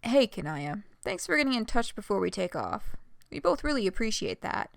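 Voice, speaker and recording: A woman voicing a breezy young man with a casual, brisk way of talking, read aloud from a story. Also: mid-range voice, very animated, gravelly, dry recording.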